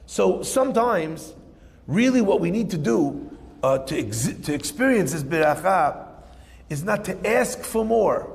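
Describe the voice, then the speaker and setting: A man teaching as a rabbi, asking rhetorical questions and telling stories in a lively way. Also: high-pitched, vocal fry, in a large hall. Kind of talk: Torah lesson.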